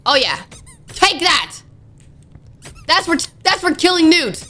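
Her voice is extremely high with big swings in pitch, and she takes things slowly. She's a young gaming YouTuber running a horror game on her channel, chatting in slang, dramatic and easily startled, pleading when afraid and screaming at sudden scares.

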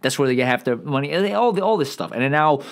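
A man's voice: fairly high pitch, animated, racing. A man holds forth alone on his podcast in a loose, profane comedic monologue. He stumbles and restarts constantly, repeating words before getting back on track. He sounds bloated and irritable. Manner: profane, rambling, frequent restarts and stammers. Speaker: podcast host.

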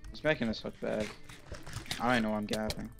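A man chatting casually while gaming with friends, reacting quickly to fights and getting frustrated with the game. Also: lowish voice, little pitch movement, gravelly, fairly bright tone, a little hiss or hum. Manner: quick live reactions during combat. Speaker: gamer playing with friends.

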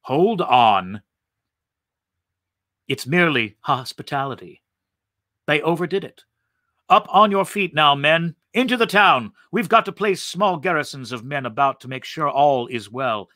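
A man voicing a brisk, commanding male Martian officer who barks orders at his troops. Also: mid-range voice, expressive, bright, forceful tone, no room sound, studio quality. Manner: barking orders.

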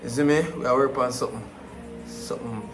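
A man's voice: mid-range voice, fairly even intonation, quick pace, a bit bright, faint music behind. A young man vlogging casually at an airport, laid-back and full of street slang. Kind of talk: casual travel vlog. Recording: echoey space with faint noise.

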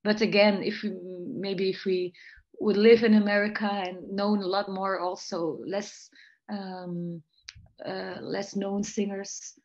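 A Belgian-accented woman talks through vocal technique over a video call, thoughtful and analytical. Her voice sits at an ordinary middle pitch for a woman. The call audio is slightly dull and muffled. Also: level tone, slow pace, darkish tone. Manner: thoughtful, analytical, light laughs between points. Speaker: jazz voice teacher and researcher. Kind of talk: online interview, analyzing singing technique.

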